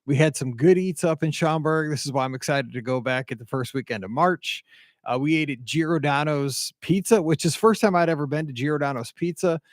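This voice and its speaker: A middle-aged man from the American Midwest, hosting a podcast and telling a rambling, animated story full of asides and quoted dialogue. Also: on the high side, fairly quick, no echo, clean studio sound. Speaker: podcast host. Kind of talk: casual storytelling monologue.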